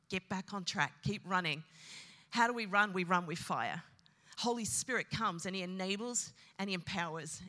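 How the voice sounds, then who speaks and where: A woman's voice: mid-range voice, bright, forceful tone. A woman pastor preaching a sermon with emphasis, repeating her key phrases. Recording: long hall reverb.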